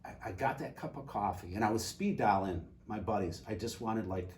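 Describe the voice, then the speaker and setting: Low-voiced retired man telling a story. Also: a little fast. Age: older. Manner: animated storyteller, acts out quoted dialogue. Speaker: guest. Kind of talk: casual storytelling. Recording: distant mic with faint ambient noise.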